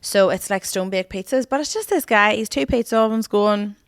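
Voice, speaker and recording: A woman co-hosts a podcast, telling stories in excitable, chatty bursts. Her voice sits mid-range, recorded close and dry with no room sound. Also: mid-range voice, moderate pace, clear, resonant tone, dry recording. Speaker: podcast co-host. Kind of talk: casual chat.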